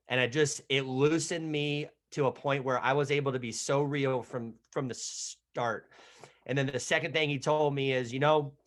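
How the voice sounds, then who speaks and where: A man's voice: mid-range voice, a bit bright. Middle-aged guy with a stutter, talking to reporters, tells it casual and plays the other voices. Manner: stutters, with repeated starts; casual storytelling, acts out what others said. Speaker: head softball coach. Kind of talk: media availability, telling a story.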